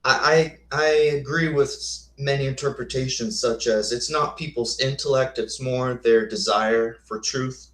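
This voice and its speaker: A man's voice: mid-range voice, fairly even intonation, unhurried, hardly any pauses, a bit bright. Guy giving a chatty lecture, asks lots of questions, kinda echoey room. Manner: thinking aloud, with restarts and rhetorical questions. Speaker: host. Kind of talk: casual lecture with slides, answering chat comments.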